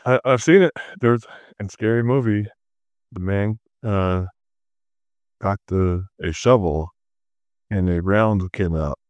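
A man's voice: lowish voice, slow pace, long pauses, darkish tone, clear, resonant tone, dry recording. A man in a casual chat, dropping wry one-liners. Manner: wry interjections.

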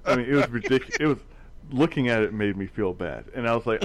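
A man's voice: lowish voice, quick pace. A man rambling through a movie plot in casual chat, often stumbling and restarting his words.

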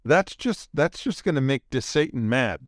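Casting: mid-pitched man, podcast co-host, very lively intonation, teasing, dry sound. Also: normal speed, dry recording. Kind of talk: casual chat.

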